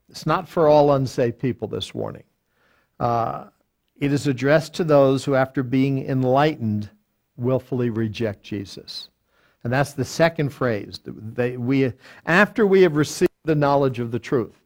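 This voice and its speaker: An older male pastor leads a Bible study in a steady, mid-pitched voice. He reads quotations out slowly and stops to restart his phrases, with plenty of "uh" and "um" between points. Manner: deliberate, quotes lexicons aloud, frequent fillers and restarts.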